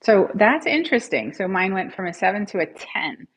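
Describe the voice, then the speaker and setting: A woman's voice: mid-range voice, sing-song, moderate pace, slightly rough. A woman hosting a live guided tapping session, encouraging viewers and calling out their scores, and leading affirmations for listeners to repeat after her. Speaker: tapping coach, livestream host.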